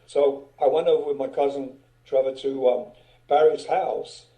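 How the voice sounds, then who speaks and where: Older male guest, very dark mellow voice, rambling storyteller, roomy echo. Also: mid-range voice, fairly even intonation, moderate pace. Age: 70s. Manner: rambling, many fillers. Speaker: guest singer. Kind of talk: casual storytelling. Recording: echoey room.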